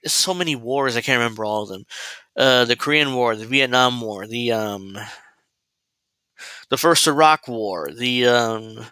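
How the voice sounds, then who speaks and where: A man's voice: medium pitch, measured pace, sharp tone, clear, resonant tone, no echo, poor audio. A man hosting a political commentary livestream, rambling and sarcastic, full of fillers and restarts. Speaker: host.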